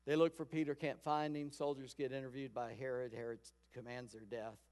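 A pastor giving a sermon in a conversational storytelling way, acting out quoted lines. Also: male voice, medium pitch, little pitch movement, a little fast, a little mellow. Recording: long hall reverb.

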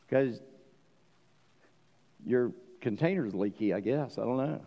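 A man preaching a sermon as pastor, emphatic, swinging between loud declarations and quiet asides, asking the congregation questions. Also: mid-range voice, normal speed, long pauses, long reverb tail, lo-fi sound. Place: church.

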